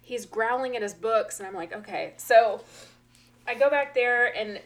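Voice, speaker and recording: A woman's voice: fairly high pitch, a little slow. A woman, a teacher co-hosting a podcast, chatting casually and acting out children's voices as she tells stories. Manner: animated storyteller, acts out kids' voices. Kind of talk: casual chat.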